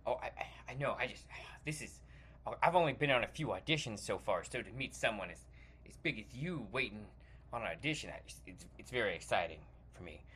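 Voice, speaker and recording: A man's voice: mid-range voice, lively intonation, a little fast, bright, forceful tone, husky, pitched below the performer's own voice. A man voicing an eager, starstruck young male actor, gushing and stammering in a comedy sketch. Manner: gushing and stammering, full of 'like' and restarts.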